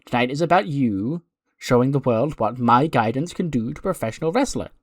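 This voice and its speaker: A man's voice: mid-range voice, expressive, fairly quick, no echo, close to an everyday voice. A man voicing a smug, glamorous woman wrestler who bosses her protégé around. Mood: bossy. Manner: bossy, self-important.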